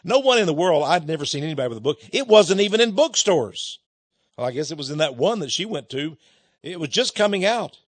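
A man's voice: a little high, big pitch swings, a little fast, no echo. A man preaching a sermon in a folksy, chuckling way, telling a personal story and calling his listeners his friends.

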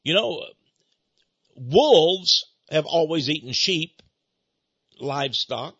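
Husky older man preaching on radio. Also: on the high side, expressive, takes it slowly, dry recording. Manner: emphatic, swings between hushed asides and loud declarations, chuckles often. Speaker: radio show host. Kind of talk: preachy radio talk monologue. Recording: dull lo-fi radio broadcast.

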